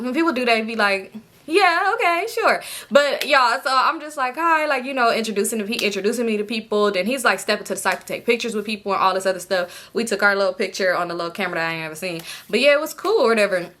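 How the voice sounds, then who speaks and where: A young woman, telling a personal story to her viewers in a chatty, animated way and putting on quick voices for the people she quotes. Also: medium pitch. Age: young adult. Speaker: storytime vlogger. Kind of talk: casual storytelling to camera.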